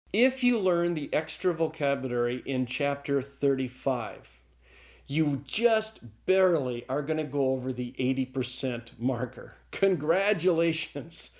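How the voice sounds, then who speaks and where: A middle-aged man teaching a recorded Greek grammar lecture in a relaxed way, often chuckling and checking in with "okay?". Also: medium pitch.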